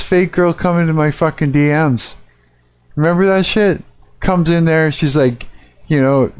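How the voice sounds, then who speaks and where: A man's voice: a little high, steady tone, normal speed, a little mellow, clear, resonant tone. Profane middle-aged man ranting on stream. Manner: profane, ranting, rambling with fillers. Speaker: live streamer. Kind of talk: casual live-stream rant.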